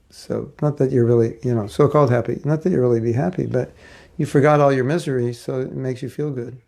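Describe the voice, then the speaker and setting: Man, spiritual teacher, lecture class, conversational, gravelly, warm. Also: medium pitch, steady tone, fast. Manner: conversational, rhetorical questions, acts out quotes.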